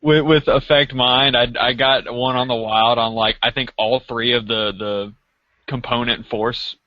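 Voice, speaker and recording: A man's voice: medium pitch, fairly even intonation, unhurried, no room sound. Hesitant man stammering through a story. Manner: hesitant, repeats words. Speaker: player guest. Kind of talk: casual chat. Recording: dull lo-fi dry podcast audio.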